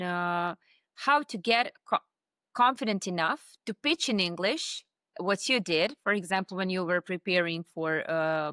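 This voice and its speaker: A woman's voice: mid-range voice, pushed and bright, no room sound, studio quality. A woman hosting an interview, encouraging and chatty, with many fillers. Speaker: interview host. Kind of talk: casual interview talk.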